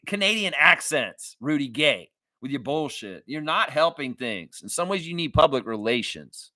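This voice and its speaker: A man's voice: fairly high pitch, big pitch swings, moderate pace, few pauses, pushed and bright, no echo. A middle-aged man from the southern United States hosting a sports fan livestream, reading out viewer comments in rambling casual chat full of fillers and flaring into profane rants.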